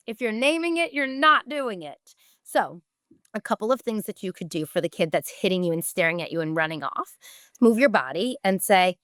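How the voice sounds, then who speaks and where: A woman's voice: medium pitch, animated, moderate pace, a bit bright, no room sound, clean studio sound. A woman, a podcast host giving direct, emphatic parenting advice and briefly acting out what parents and children say.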